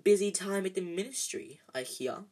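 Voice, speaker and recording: A reader voicing a cold, sneering aristocratic wizard father who speaks slowly, quietly and with contempt in a storybook reading. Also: mid-range voice, lively intonation, close to an everyday voice. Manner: slow, quiet, drawn-out contempt.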